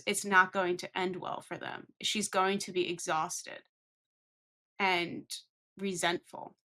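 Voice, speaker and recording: A young woman co-hosting a podcast, talking in a measured, thoughtful way in casual chat. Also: mid-range voice, fairly bright tone. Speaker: podcast co-host.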